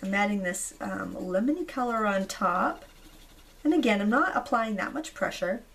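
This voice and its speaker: Hoarse woman chatting through a craft tutorial. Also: mid-range voice, normal speed. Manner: chatty, relaxed, frequent ums. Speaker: craft video host. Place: indoors at a craft table.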